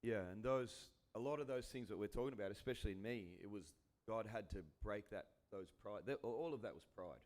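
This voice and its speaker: An Australian man, a pastor, leading a relaxed church interview. He talks earnestly and halts and restarts his sentences as he goes. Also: fairly low pitch, a little fast, few pauses.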